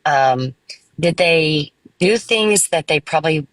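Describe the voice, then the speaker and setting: A soft-spoken, even-keeled middle-aged woman chatting as a guest on a live stream. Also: deep voice, takes it slowly, no echo, low-quality recording. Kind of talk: casual live stream chat.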